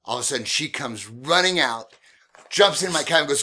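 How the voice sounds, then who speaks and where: A man who drives a cab, hosting a podcast and telling taxi stories in a casual, animated way, often laughing. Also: mid-range voice, normal speed. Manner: animated, laughing, swearing storyteller.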